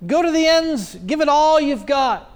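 A man's voice: very high-pitched, expressive, measured pace, pitched above the performer's own voice, exaggerated voice. A man preaching voices a mocking adult male prophet who goads his rivals. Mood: taunting. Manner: goading, taunting.

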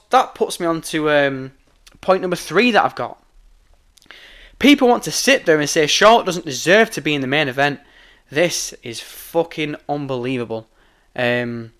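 A man's voice: on the high side, a bit bright. Heated man ranting. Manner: heated, emphatic, frequent swearing. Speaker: wrestling commentator. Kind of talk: opinionated rant.

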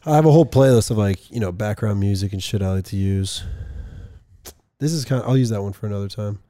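A man's voice: on the low side, fast, warm tone, dry recording. A young man co-hosting a podcast in casual chat, rambling and swearing freely. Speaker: podcast co-host.

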